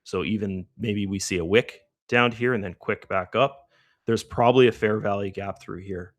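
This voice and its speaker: A chatty middle-aged man talks through his trades on a live stream with a lowish voice. He keeps tossing in "right?" as he goes, and the sound is dry and close. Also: normal speed, dry recording. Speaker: trading stream host. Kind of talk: live trading commentary.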